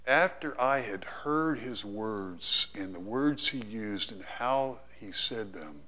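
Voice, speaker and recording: A middle-aged man preaching a sermon, swinging from loud emphatic lines to hushed ones and telling a personal story. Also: lowish voice.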